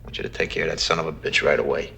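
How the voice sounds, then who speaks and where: An actor playing a brash, hot-headed mob son in a film clip. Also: male voice, rumbling low, level tone, very fast, gravelly, very noisy, heavily acted. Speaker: film character.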